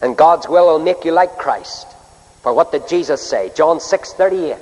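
Male preacher, fairly high voice, emphatic and measured, pulpit sermon with long hall echo. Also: lively intonation. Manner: emphatic, measured delivery with sharp rises in pitch. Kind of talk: evangelistic sermon. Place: church pulpit.

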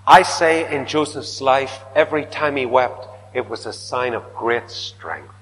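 A man preaching to a congregation, his voice rising to loud declamations and then dropping to near whispers. His pitch sits in a middle register, and a long reverb trails every phrase through the hall. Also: a little slow, a little hiss or hum. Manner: dramatic, swinging from loud declaiming to hushed whispers. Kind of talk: sermon.

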